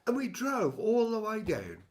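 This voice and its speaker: A man's voice: sits high, wildly swooping pitch, measured pace. An older man hosting a casual music chat, telling a long story with many restarts and wry asides. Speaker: show host and songwriter.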